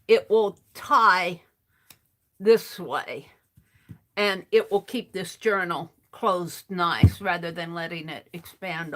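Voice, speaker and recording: With a medium-pitched, fairly bright voice, a woman runs a casual craft livestream from her desk, talking to her audience and describing her work as she goes.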